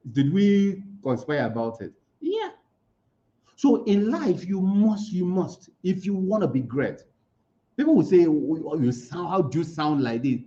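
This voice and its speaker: Man, motivational talk, mellow voice, slightly high, emphatic, muffled lo-fi recording. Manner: asks rhetorical questions and answers them himself; emphatic, repeats key words. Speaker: motivational speaker at an online conference.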